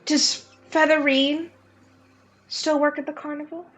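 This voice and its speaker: A woman's voice: high voice, flat delivery, unhurried, fairly bright tone, faint music behind, voice pushed up. Woman playing a grand old swan lady, gushing. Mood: wistful. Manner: gushing, calls everyone darling. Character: elderly female swan, grand, theatrical, tearful.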